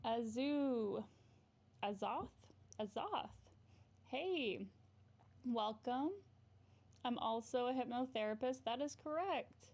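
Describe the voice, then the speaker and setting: Bubbly, giggly woman with vocal fry. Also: a little high, animated, slow pace, pauses often, darkish tone. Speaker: therapist and livestream host. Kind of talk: casual livestream chat, reading comments.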